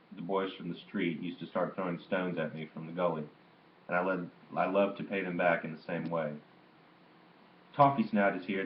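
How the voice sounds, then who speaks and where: A man reading a memoir aloud in a steady, plain manner with small slips and restarts. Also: low-pitched, roomy sound, lo-fi sound, a little hiss or hum. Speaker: audiobook reader.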